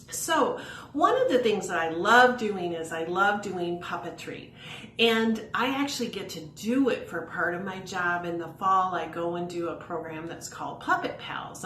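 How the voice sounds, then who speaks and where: A woman's voice: on the low side, a bit bright. Chatty woman in an echoey room. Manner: friendly, chatty, encouraging. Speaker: mentoring coordinator. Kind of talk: casual instructional talk to camera. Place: at home. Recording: echoey room with faint noise.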